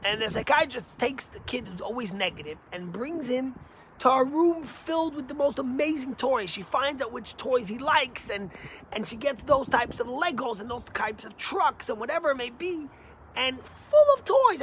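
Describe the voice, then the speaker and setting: A man, a rabbi, giving a short Torah lesson through stories, animated and emphatic with big swings in pitch and loudness. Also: moderate pace, slight background noise. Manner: energetic, emphatic.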